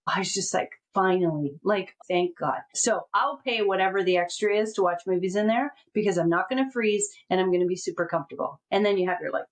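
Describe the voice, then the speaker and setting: A woman's voice: medium pitch, low-quality recording. A middle-aged woman with a Canadian accent, co-hosting a podcast in casual chat and telling rambling everyday stories. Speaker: podcast co-host.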